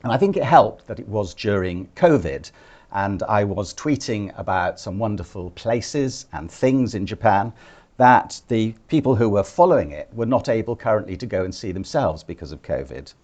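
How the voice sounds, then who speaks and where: An older man from Britain gives a relaxed public talk, telling anecdotes with a dry, understated wit. His voice sits fairly low, and he tells each story at an unhurried pace. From United Kingdom. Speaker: guest speaker, former ambassador.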